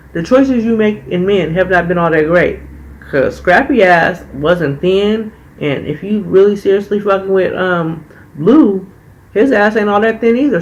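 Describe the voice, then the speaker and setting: A man's voice: high voice, poor audio. A man reviewing a reality TV episode in a casual, blunt and profane way, heated in his opinions. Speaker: TV show reviewer.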